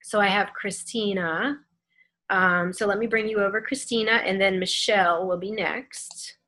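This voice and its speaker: A woman hosting a live online question session over a video call, speaking in a gentle, soothing, reassuring way. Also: medium pitch, fairly even intonation, normal speed. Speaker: host.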